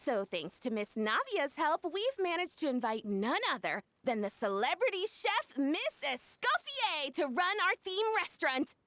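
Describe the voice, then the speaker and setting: A woman voicing an excitable young inventor hosting an event in a video game, talking in a bubbly, giggly way. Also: sits high, normal speed, few pauses. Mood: proud. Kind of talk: video game cutscene dialogue.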